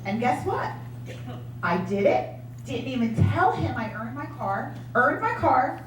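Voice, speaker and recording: Woman, high voice, motivational speaker, animated storytelling, echoey room, distant mic. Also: unhurried, background noise. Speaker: sales director giving a talk. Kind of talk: motivational speech to an audience.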